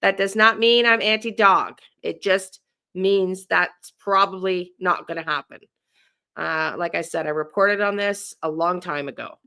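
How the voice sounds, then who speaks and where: A woman hosts a live stream, commenting in a plain, direct, measured way. Her voice is bright and smooth. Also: on the low side. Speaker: host of a true crime tarot channel.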